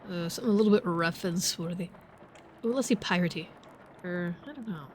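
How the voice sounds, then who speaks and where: A woman's voice: mid-range voice, expressive, fast, mellow, slight background noise. A woman hosting a let's play, giving casual gameplay commentary with wry, joking asides.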